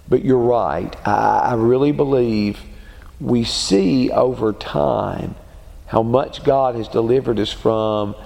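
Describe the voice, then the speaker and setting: Slow, gravelly man teaching Bible class. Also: medium pitch, a little mellow. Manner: slow, deliberate, emphatic on key words. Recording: echoey hall.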